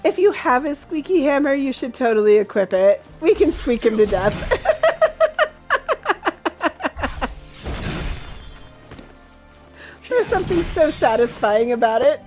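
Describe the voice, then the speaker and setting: Giggly high-voiced woman streaming a game. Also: expressive, a little fast, few pauses, darkish tone, faint music behind. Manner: giggly and playful, laughs often. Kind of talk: casual gameplay commentary.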